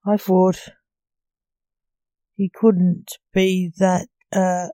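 A curious young male wizard asks slow, emphatic questions with nervous puzzlement , as a woman voices him. The tone is mellow and the storybook reading dry and close. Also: on the low side, completely flat delivery, dry recording.

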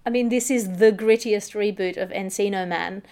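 A woman's voice: mid-range voice, steady tone, normal speed, darkish tone. Wry woman hosting a comedy podcast. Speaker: host. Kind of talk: comedic news podcast chat.

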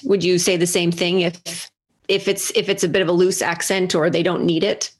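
A woman's voice: lowish voice, a little fast. A woman in a casual interview, chiming in with direct, conversational remarks.

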